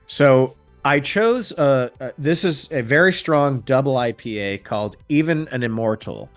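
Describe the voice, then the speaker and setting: A man's voice: medium pitch, expressive, a little slow, soft background music. A man co-hosting a podcast in casual chat, rambling with frequent ums. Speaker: podcast co-host.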